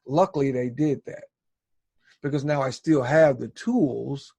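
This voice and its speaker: A man's voice: medium pitch, unhurried, vocal fry, a little mellow, breathy edge, no echo. A man in a podcast, telling a personal story in a casual, rambling way and often checking in with "right?". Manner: rambling, conversational, tags lines with "right?".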